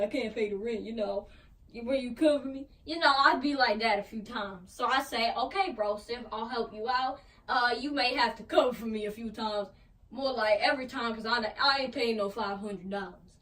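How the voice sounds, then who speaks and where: A high-pitched, boastful cartoon tiger, voiced by a woman, rambles through a comedic storytime with a stuffed toy. He is slangy and loose, calling everyone fool and bro. The voice sits some way back from the mic. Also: fairly bright tone, lightly acted. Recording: voice distant from the mic.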